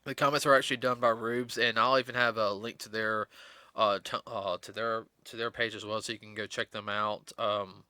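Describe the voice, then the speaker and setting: A man's voice: fairly low pitch, little pitch movement, normal speed, pushed and bright, clean tone, no room sound. A middle-aged man hosting a podcast, rambling in casual chat with many restarts and fillers. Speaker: podcast host.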